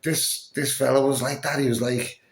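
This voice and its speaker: A man's voice: medium pitch, flat delivery, normal speed, gravelly, reverberant. A man telling a story in a casual vlog, swearing often, sounding fatigued and acting out what others said. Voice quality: breathless, fatigued. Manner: swears a lot, acts out quoted dialogue.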